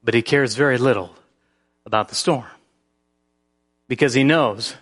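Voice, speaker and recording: A man preaching a sermon as pastor. His delivery shifts between hushed, near-whispered passages and emphatic, rising peaks. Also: mid-range voice, a little slow.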